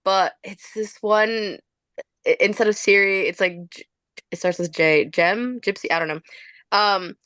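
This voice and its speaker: A woman's voice: medium pitch, a little slow, sharp tone, dry recording. Woman guest, casual chat, rambling, hunts for words, dry sound.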